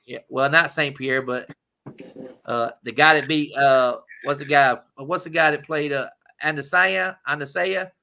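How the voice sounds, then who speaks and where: A man's voice: a little high, fairly even intonation, creaky, bright, forceful tone. A man co-hosting a podcast, talking sports casually and rambling, with lots of fillers and restarts. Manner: rambling, halting with many fillers. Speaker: podcast co-host. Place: live-streamed podcast.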